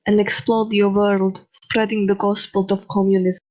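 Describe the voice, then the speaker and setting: A woman's voice: medium pitch, little pitch movement, normal speed, a little mellow, close to an everyday voice, low-quality recording. A woman voicing a pompous old male communist book sprite who preaches solemnly and calls the listener "my dear", in a voice-chat role-play. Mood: preaching.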